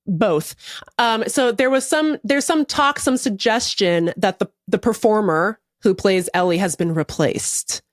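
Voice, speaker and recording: A woman co-hosting a podcast in loose, wry conversation, her delivery deadpan and chatty. Her voice sits at an ordinary middle pitch. The sound is dry and close to the mic. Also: a little slow, dry recording. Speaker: podcast co-host. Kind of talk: casual podcast chat.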